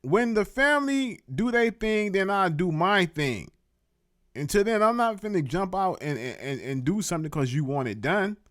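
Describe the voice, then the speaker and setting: A man hosts a casual live-stream show, talking in a profane and emphatic way and hammering points home by repeating words. His voice sits a bit high for a man and swings widely in pitch. The sound is dry and close. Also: animated, normal speed, a bit bright, no room sound.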